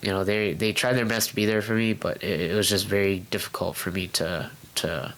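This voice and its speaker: Young guy telling his story in an interview, lowish voice, lots of ums and restarts, acts out what he said back then. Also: steady tone, fairly bright tone, poor audio. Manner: candid, halting, many fillers and restarts; acts out his past self in quoted outbursts. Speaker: guest. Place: home room.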